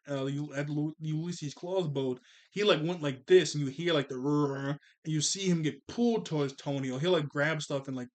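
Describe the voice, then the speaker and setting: A man recapping a movie in casual chat, rambling with lots of "like" and "you know" and chuckling often. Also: fairly high pitch. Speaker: movie commentary vlogger.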